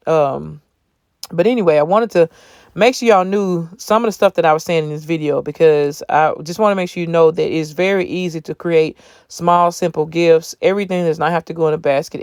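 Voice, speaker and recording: A man with a fairly high, smooth voice talks through a craft tutorial, sleepy and yawning as he goes. His delivery is chatty and folksy, and he keeps calling the viewers y'all. The phone voiceover sounds dry and close. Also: dry recording. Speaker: craft channel host.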